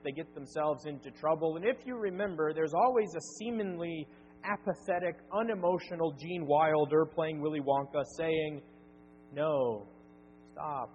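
A man preaching a sermon as pastor, earnest, slowing down to stress key words. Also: fairly high pitch. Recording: dull sound with long reverb and faint hum.

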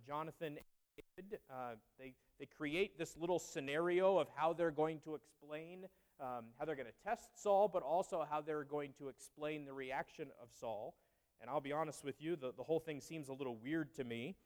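A man's voice: a little high, darkish tone. A man teaching through a Bible passage in a conversational way, with candid asides and frequent fillers. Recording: long reverb.

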